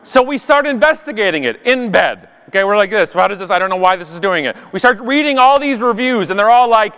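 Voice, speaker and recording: Man, sharp-witted keynote storyteller, high voice, long reverb of a big hall. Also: lively intonation, a little fast, few pauses, clear, resonant tone. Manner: sarcastic, punchy storytelling. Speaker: conference speaker. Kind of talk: comedic keynote talk. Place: large conference hall.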